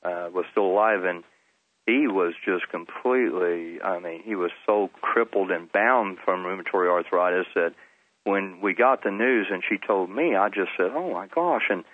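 A man's voice: low-pitched, normal speed, no room sound. A middle-aged man, telling his personal testimony earnestly as a phone-in guest. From Texas. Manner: earnest storytelling with restarts. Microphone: telephone. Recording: tinny phone line.

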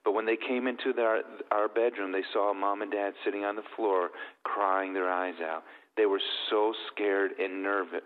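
Earnest man with a low voice. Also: big-room sound, phone-quality sound. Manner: earnest, heartfelt storytelling. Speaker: guest. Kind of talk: personal testimony.

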